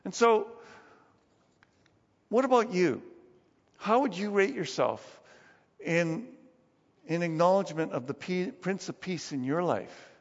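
High pitched guy preaching casually in a church, laughs through his stories, echoey and kinda muffled. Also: lively intonation, measured pace, pauses often. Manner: storytelling with chuckles and restarts. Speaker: pastor. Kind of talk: conversational sermon. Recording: long reverb, dull lo-fi sound.

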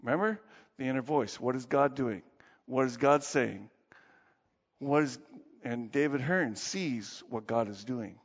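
Speaking at an unhurried pace in a medium-pitched voice, a male pastor delivers a sermon with lively storytelling and ends in quiet prayer. The recording sounds dull, with a long hall reverb.

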